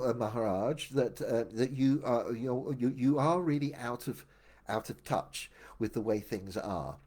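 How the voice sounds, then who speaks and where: Older man, husky voice, middle pitch, rambling and reflective memoir narrator. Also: expressive, moderate pace, darkish tone. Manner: meandering, reflective, with many restarts. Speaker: memoir storyteller. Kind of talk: casual first-person storytelling.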